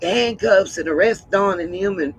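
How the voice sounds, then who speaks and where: A woman hosting a livestream, hoarse and frustrated, who keeps repeating her points with emphasis. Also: mid-range voice, moderate pace, rough recording. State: hoarse from hollering. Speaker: livestream host. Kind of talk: casual livestream talk.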